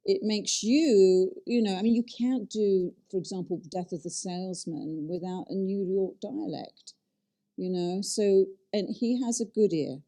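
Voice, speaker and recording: Chatty woman with a dark mellow voice. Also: mid-range voice, unhurried. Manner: chatty, animated, frequent fillers and restarts. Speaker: director and acting teacher. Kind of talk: casual interview talk.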